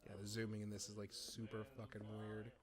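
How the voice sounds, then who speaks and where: A man's voice: fairly low pitch, completely flat delivery, a little fast, a crowd in the background. A man co-hosting a let's play, giving casual commentary full of crude jokes and laughter. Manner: crude joking, laughs a lot.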